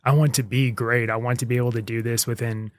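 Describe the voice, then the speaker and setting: A man's voice: medium pitch, little pitch movement, fast, no echo, studio quality. A young man, chatting casually as a podcast guest about his music and baking. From Memphis. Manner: laid-back, many fillers and restarts.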